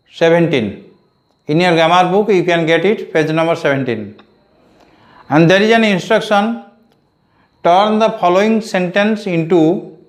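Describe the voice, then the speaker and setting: A male teacher with an Odia accent, giving a grammar lesson to pupils, repeating key phrases and asking them questions. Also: high voice. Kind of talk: slow classroom grammar lesson. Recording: echoey room.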